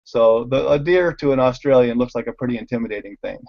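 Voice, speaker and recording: A man's voice: mid-range voice, fast, vocal fry, highs cut off. A man who owns a bike shop, telling stories over slides and acting out the voices of the people in them. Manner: animated storyteller, acts out quoted voices, laughs often. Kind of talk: casual storytelling over slides.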